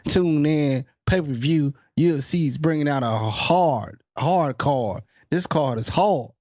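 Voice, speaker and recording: A man's voice: fairly high pitch, takes it slowly, darkish tone, no room sound, lo-fi sound. A man co-hosting a podcast in a laid-back, laughing way, often tossing in "man.". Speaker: podcast co-host. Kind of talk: casual chat.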